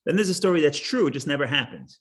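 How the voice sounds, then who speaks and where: Halting, fairly high-voiced male teacher. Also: lively intonation. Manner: halting, repeats words and restarts; jokey, explains with stories. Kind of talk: Torah class lecture.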